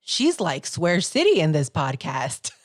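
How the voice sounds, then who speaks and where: Woman podcast host, lowish voice, chatty and enthusiastic fan, casual. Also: wildly swooping pitch, a little slow, no room sound, studio quality.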